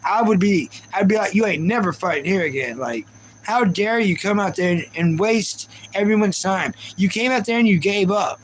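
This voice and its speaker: High-voiced ranting male streamer. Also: normal speed, a little hiss or hum, rough recording. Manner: ranting, repeats himself, talks to chat viewers. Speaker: livestream host. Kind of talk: casual live reaction chat.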